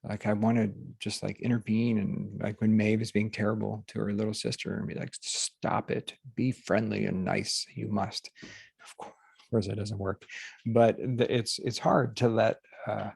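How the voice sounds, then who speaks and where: Gravelly low-voiced man, halting. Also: a little mellow, no room sound. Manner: halting, full of fillers and restarts. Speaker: workshop host. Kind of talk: casual teaching talk to a group.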